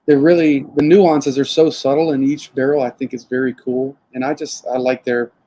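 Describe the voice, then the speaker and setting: Mellow-voiced man with a Southern twang. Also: medium pitch, normal speed, rough recording. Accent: Southern American twang. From South Florida, raised in Alabama. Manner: relaxed, chatty, self-deprecating with chuckles. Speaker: distillery owner, guest. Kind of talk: casual live-stream interview.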